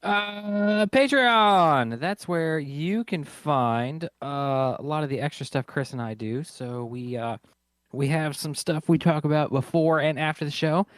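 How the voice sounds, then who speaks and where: A man co-hosting a board game podcast in a casual, hesitant way, pausing often. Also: fairly high pitch, no echo, clean studio sound. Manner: hesitant, many uh fillers, relaxed. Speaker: podcast co-host.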